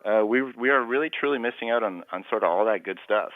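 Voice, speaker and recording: A man's voice: lowish voice, quick pace, dry recording. Earnest man on a tinny phone line. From Canada. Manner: earnest, rambling storyteller. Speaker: guest. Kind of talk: radio phone interview.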